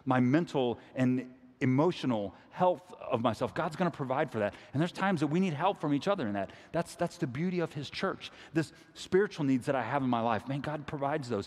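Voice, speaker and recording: Male pastor, folksy, halting and conversational, mid-pitched, preaching in an echoing hall. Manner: conversational, repeats words, folksy. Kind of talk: sermon.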